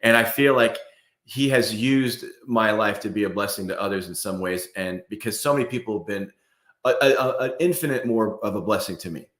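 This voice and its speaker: A man's voice: on the low side, fairly quick, a bit bright, echoey room. A man co-hosting a podcast in casual chat, talking emphatically and asking rhetorical questions. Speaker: podcast co-host.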